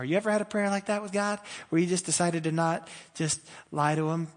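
A man preaching a sermon in a conversational way, moving between loud, fervent passages and soft, hushed ones. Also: sits high, fairly quick, long reverb tail. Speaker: pastor.

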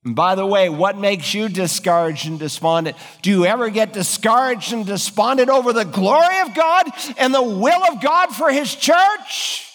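A man's voice: high voice, normal speed, hardly any pauses, a bit bright, big-room sound. A man preaching an earnest, emphatic sermon, acting out biblical quotes with dramatic feeling. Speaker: pastor.

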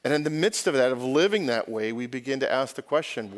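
Male pastor from the United States, mid-pitched voice, relaxed conversational preaching style with rhetorical questions to the congregation. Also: fairly quick. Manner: conversational, self-correcting, asks the congregation questions. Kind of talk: sermon. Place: church sanctuary.

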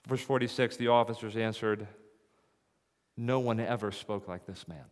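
A man's voice: fairly low pitch, moderate pace. A man preaching an expository sermon, reading scripture and posing rhetorical questions that build to emphatic peaks. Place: church sanctuary. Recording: long hall reverb.

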